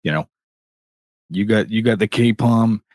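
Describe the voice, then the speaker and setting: A man's voice: fairly low pitch, measured pace, darkish tone, no room sound. A man co-hosting a casual podcast in a laid-back, wry way. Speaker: podcast co-host.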